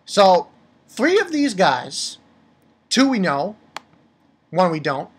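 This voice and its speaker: A woman's voice: lowish voice, big pitch swings, slow, breathy edge. A woman reviewing manga chapters in a casual, profane, exasperated rant. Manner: exasperated, profane, heated outbursts.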